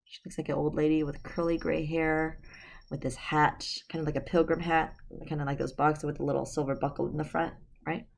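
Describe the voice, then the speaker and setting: A woman with a low, dark-toned voice reads a storybook aloud from her bed at home. She keeps it casual and breaks off for chatty asides to her listeners. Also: little pitch movement, a little fast, gravelly, slight background noise. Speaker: storybook reader. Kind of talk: reading a novel aloud to viewers.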